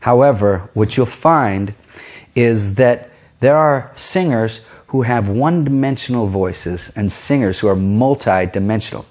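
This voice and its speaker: A man's voice: on the low side, unhurried, darkish tone. A man teaching a singing lesson in a casual, conversational way, explaining vocal tone and stopping to demonstrate sounds. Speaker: vocal coach. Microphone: filmed on camera.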